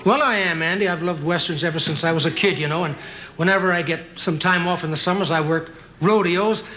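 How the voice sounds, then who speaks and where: Comedian guest, high bright voice, jokey storyteller. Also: male voice, fairly quick, faint music behind. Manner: jokey, anecdotal. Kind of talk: talk show chat and storytelling.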